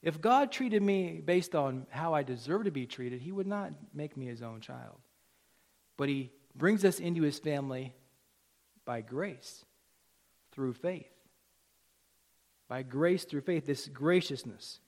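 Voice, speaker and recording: A man preaching a sermon in a church, animated, swinging between loud emphasis and hushed asides. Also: a little high, slow, pauses often. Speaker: pastor.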